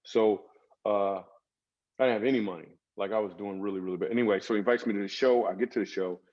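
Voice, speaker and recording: A man, a comedian guest in an interview, telling stories in a lively comic way with acted asides. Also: on the low side, quick pace, dull audio. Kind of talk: storytelling interview talk.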